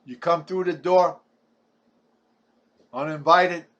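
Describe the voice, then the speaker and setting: Seventies New man, raised pitch, ranting combatively with stumbling restarts. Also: fairly even intonation, slow, a bit bright, dull audio. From Brooklyn, New York. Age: 70s. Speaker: vlogger. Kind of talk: ranting monologue.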